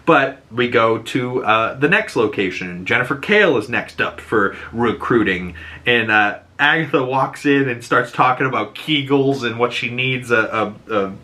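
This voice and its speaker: A young man with a Boston accent talks through an episode recap in a casual, animated way. His voice is bright and forward, with a mid pitch. He laughs often and slips into higher voices to act out lines. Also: normal speed. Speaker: show reviewer.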